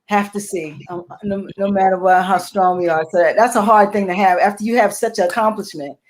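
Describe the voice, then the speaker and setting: A woman's voice: mid-range voice, brisk. Supportive woman radio show host. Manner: supportive, affirming reactions. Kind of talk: casual interview talk.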